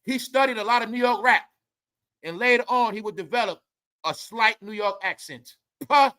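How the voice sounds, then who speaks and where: A man's voice: sits high, normal speed, bright, forceful tone, clean tone. A man hosting a heated celebrity gossip commentary, swearing and repeating himself as he lectures his viewers. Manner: heated, swearing, repetitive and preachy. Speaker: commentary channel host.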